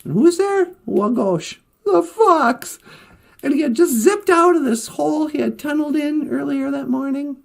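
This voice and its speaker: Gravelly woman telling a story. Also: high-pitched, normal speed. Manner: laughs often, chatty, relaxed. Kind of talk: casual oral storytelling on a livestream.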